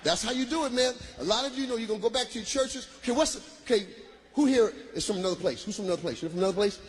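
A man doing a stand-up routine, working the crowd loudly with shouts and laughter. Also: high voice, very fast, husky. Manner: loud, animated, bursts of shouting and laughter. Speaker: stand-up comedian. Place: live comedy venue. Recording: live crowd and room noise.

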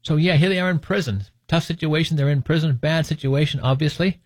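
Guy teaching bible verses, husky voice, cracks jokes between readings, dry sound. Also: a little high, fairly quick, no room sound. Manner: joking asides, laughs at his own points; reads scripture aloud, then comments on it.

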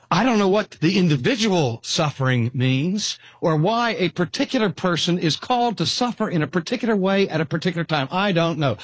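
An older man giving an earnest sermon and slowing down to stress key phrases. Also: fairly high pitch, slightly rough, dry recording. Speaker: preacher.

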